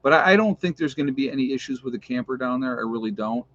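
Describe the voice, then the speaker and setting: A man's voice: mid-range voice, animated, fast, a bit bright, dry recording. Chatty upstate New York man, lo-fi. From New York State. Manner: rambling, chatty, laughs often, reads live chat. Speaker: vlogger. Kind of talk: casual chat to viewers. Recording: dull lo-fi sound.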